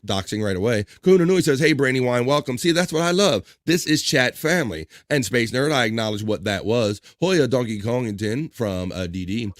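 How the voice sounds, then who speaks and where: A man's voice: medium pitch, expressive, a little fast, few pauses, no echo, studio quality. A man hosting a live stream, reading viewer messages aloud in a casual way with crude jokes and chuckles.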